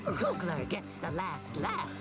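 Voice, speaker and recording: A cackling, gloating villain from a kids TV series, swooping wildly between squeals and sneers. The drawn-out taunts come slowly over loud score music. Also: female voice, huge pitch swings, full character voice. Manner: shrill laughing, mocking drawl.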